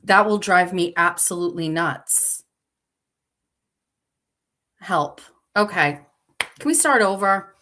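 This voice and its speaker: Woman host on a live stream, slow and kinda flustered, bright sharp voice, lowish pitch. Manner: flustered, fixing her stream settings live, talking to herself. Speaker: show host. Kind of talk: casual livestream chat.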